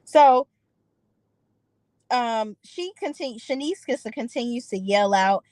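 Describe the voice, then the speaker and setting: A woman gives a sassy, opinionated casual recap of a reality TV episode, putting on voices for the people she quotes. Her voice is a little high and darkish in tone, with lively intonation and an unhurried pace. The recording is rough but has no room sound.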